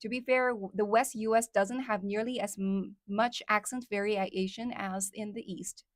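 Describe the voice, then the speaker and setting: A woman's voice: medium pitch, steady tone, normal speed, dry recording, studio quality. A young woman from China with a Chinese accent, chatting casually on her live stream with many fillers. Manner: chatty, many fillers, reads out viewer comments.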